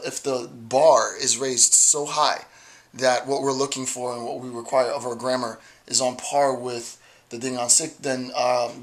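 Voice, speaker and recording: A man talking to the camera in a rambling philosophical monologue, playful and digressive, often checking in with "right?". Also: medium pitch. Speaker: video blogger.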